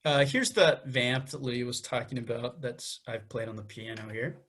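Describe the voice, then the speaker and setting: A man's voice: medium pitch, moderate pace, fairly bright tone. A young man co-hosting a podcast, explaining music theory step by step and counting beats aloud. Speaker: podcast co-host.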